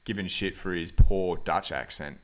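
A man's voice: low-pitched, normal speed. A man hosting a casual film review podcast, rambling with lots of fillers and frequent laughs. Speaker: podcast host.

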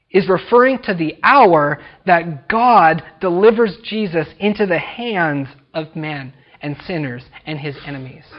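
A man preaching a sermon as a pastor, emphatic, swinging from loud declarations to quiet drops at phrase ends. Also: high voice, lo-fi sound. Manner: emphatic preaching, rising and dropping to near-whisper.

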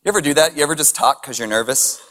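A man's voice: on the high side, animated, racing, bright, forceful tone. A man preaching a sermon as a pastor, reading scripture and adding casual chuckling asides and rhetorical questions.

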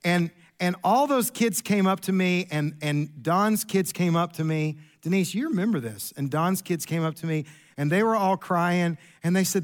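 Animated middle-aged pastor preaching a sermon. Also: male voice, normal speed. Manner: animated storyteller, jumps pitch for quoted lines. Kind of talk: sermon with storytelling. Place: church sanctuary.

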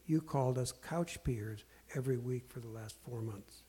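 A man telling candid stories in a self-deprecating, earnest way, halting often with fillers and restarts. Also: mid-range voice, dark tone, breathy edge. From Portland area. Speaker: speaker sharing life lessons. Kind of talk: candid storytelling talk.

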